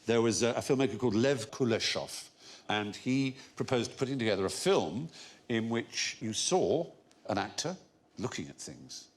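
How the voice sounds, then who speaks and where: A man hosting a panel quiz show, explaining things in a wordy, playfully pompous way. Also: on the low side. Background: studio audience laughter.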